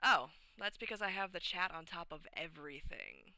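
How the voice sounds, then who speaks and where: A woman streamer casually retelling a tabletop game session, animated and rambling with many fillers. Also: lowish voice, normal speed, no room sound. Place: home streaming setup.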